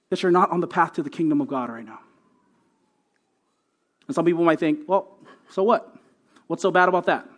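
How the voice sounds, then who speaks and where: A man preaching a sermon as a pastor, emphatic and repeating words, often checking in with "right?". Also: high-pitched. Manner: emphatic, tags many points with "right?"; repeats words while building a point.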